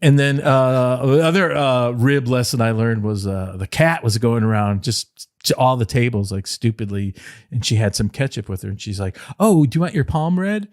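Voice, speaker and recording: A middle-aged man in casual podcast chat, spinning loose anecdotes with lots of "you know" and "like" and breaking into laughter. His voice sits at an everyday middle pitch. The recording is close and dry. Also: steady tone, moderate pace, dry recording. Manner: rambling anecdotes with frequent laughter and fillers. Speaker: podcast co-host, former wrestling insider.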